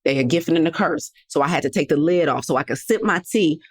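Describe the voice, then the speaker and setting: A woman with a deep, husky voice talks fast as she hosts a solo motivational health podcast. She is a health coach, and her tone toward listeners is sassy, straightforward, and preachy.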